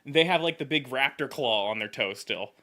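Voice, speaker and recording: A man co-hosting a casual podcast chat, quick to laugh and chime in. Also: medium pitch, lively intonation, pushed and bright. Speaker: podcast co-host.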